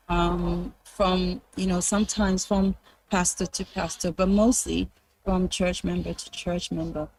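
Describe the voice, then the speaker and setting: Woman telling an animated church testimony. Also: medium pitch, a little hiss or hum, rough recording. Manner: animated when quoting others, hesitant fillers. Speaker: presenter sharing ministry testimony. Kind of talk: conversational testimony.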